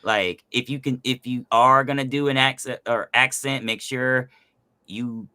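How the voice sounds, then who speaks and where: Male host, youthful and resonant, bright, dry close sound, energetic and rambling. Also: medium pitch, unhurried, dry recording. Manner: energetic, loose, lots of fillers. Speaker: host and voice actor. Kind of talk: casual chat.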